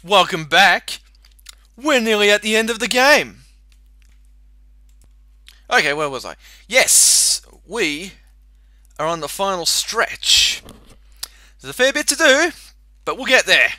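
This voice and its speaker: A man's voice: sits high, sing-song, slow, long pauses, bright, forceful tone, dry recording. Chatty, crude let's play guy. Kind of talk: casual gameplay commentary.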